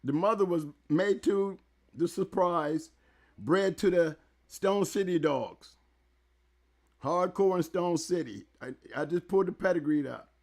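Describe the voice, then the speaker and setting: A man hosting a casual talk show interview, excitable and loud, often repeating words as he speaks into a close mic. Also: sits high, unhurried. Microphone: handheld mic held close.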